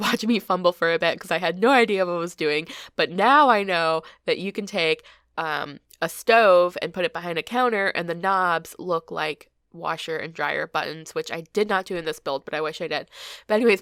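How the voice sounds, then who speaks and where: A woman's voice: fairly low pitch, fairly quick, a bit bright, smooth, no room sound, clean studio sound. Chatty stuffy-nosed woman in her thirties. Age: 30s. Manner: chatty and self-deprecating, laughs often. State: congested, stuffy nose. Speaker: gaming channel host. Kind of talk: casual storytelling over gameplay.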